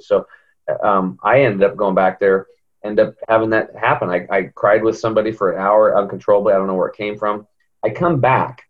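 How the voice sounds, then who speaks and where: Low-voiced man telling a story, lo-fi audio. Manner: animated storyteller, acts out quoted voices in a higher pitch. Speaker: podcast guest. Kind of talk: storytelling in an interview. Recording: dull lo-fi audio.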